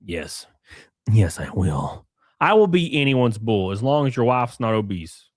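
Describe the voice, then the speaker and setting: A man's voice: fairly low pitch, big pitch swings, a little slow, no echo, clean studio sound. Alabama man rambling through a livestream. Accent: Alabama Southern. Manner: rambling, crude, joking asides. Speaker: streamer reading chat. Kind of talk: casual livestream commentary.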